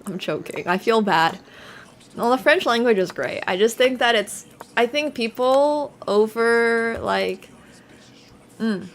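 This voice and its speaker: A woman's voice: fairly high pitch, slow, a little hiss or hum. A woman chess streamer chatting casually with her live viewers, leaning on "like" and laughing easily.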